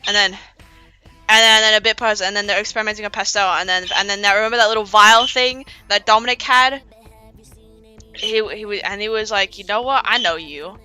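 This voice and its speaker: Bright rambling woman streamer. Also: medium pitch, fairly even intonation, fairly quick, clear, resonant tone. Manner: rambling, with many restarts and acted-out character lines. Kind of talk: casual storytelling on stream. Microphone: desk streaming mic. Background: faint pop music.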